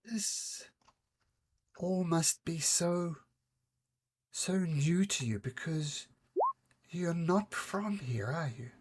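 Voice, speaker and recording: A woman voicing a troubled female seer who speaks in halting, breathless, gentle phrases, with a husky voice. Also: lowish voice, expressive, voice pushed up, heavily acted. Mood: worried tenderness.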